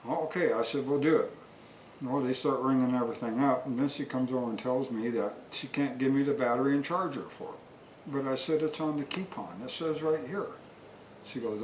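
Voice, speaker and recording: Man, product reviewer, folksy storyteller, mid pitch, distant from the mic, echoey, faint crickets behind. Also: moderate pace, a little hiss or hum. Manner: folksy, long-winded. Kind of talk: rambling storytelling. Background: faint crickets and insects.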